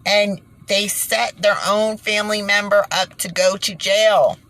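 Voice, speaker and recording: A woman's voice: mid-range voice, fairly even intonation, measured pace, fairly bright tone. A woman giving indignant commentary, repeating points for emphasis, then reading a news report aloud and stumbling over words. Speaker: video creator reading news. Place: indoors by fading daylight.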